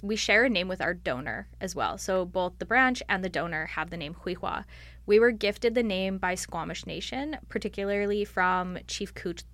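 A woman's voice: mid-range voice, sharp tone, no room sound. A woman on staff answering interview questions in a thoughtful, explanatory way, often using "like" as a filler. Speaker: library staff member.

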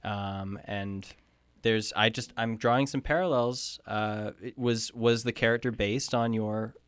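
A man interviewing a guest in an improvised comedy piece, deadpan and probing, with hesitations, on a studio microphone. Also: lowish voice, unhurried, clean tone, dry recording.

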